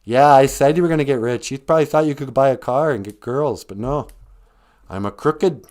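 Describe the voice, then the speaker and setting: A man voicing a crooked, dismissive wrestling promoter in a gruff, brushing-off manner. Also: medium pitch, a little fast, a little mellow, pitched above the performer's own voice, close to an everyday voice.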